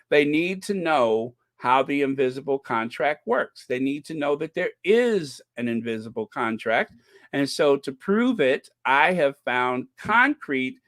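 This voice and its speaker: A man hosting a royal gossip channel, talking in a casual, mocking commentary that jumps into high sarcastic squeals. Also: dry recording. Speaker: channel host.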